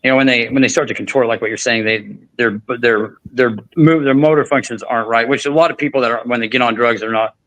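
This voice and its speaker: A man's voice: mid-range voice, fast, few pauses, a bit bright, no echo, poor audio. A man hosting a podcast, telling a long story in casual chat with frequent restarts and fillers. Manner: rambling, many restarts and fillers. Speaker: podcast host.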